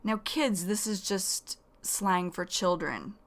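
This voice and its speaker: A woman from the United States teaching English vocabulary, speaking deliberately and repeating key words for learners. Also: medium pitch. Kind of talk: slow explanatory vocabulary lesson.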